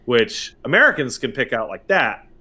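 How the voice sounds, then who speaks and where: Bright animated Canadian-accented man. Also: mid-range voice, moderate pace, breathy edge. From Montreal. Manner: animated, jokey storytelling. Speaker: podcast host. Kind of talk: casual podcast chat.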